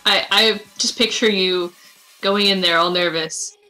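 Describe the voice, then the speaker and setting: Bright-voiced woman, teasing and laughing. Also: mid-range voice, fairly even intonation, a little slow, faint music behind, poor audio. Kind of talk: casual chat.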